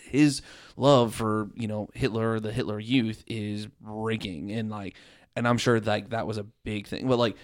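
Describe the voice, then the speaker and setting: A man in a casual film chat, animated and swearing as he acts out his reactions. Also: on the low side, measured pace, dry recording, clean studio sound. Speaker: film reviewer.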